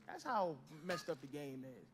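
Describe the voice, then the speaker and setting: A middle-aged man doing stand-up crowd work, teasing people in the audience, swinging from shouts to mutters. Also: a little high, very animated, moderate pace. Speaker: stand-up comedian. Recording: loud noisy live club recording.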